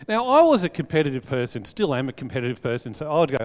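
A man preaching a sermon to his congregation, telling a childhood story in a chatty, animated way. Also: medium pitch, fast. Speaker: pastor. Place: church hall. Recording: long reverb of a large hall.

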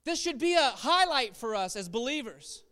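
High, bright-voiced man preaching a sermon. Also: sing-song, normal speed, clear, resonant tone. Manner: preaching with rising emphasis, repeated phrases, rhetorical questions. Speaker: pastor.

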